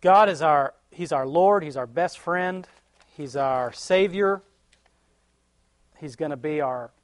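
A man's voice: a little high, dry recording. A man giving a casual devotional talk and closing prayer, conversational and homely, chuckling often between thoughts. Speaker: lay preacher.

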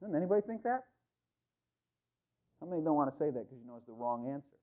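Male preacher, high voice, emphatic rhetorical questions with quiet asides, tinny radio recording. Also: sing-song, fast. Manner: swings from loud emphatic calls to quiet asides. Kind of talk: sermon. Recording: tinny phone-like radio broadcast.

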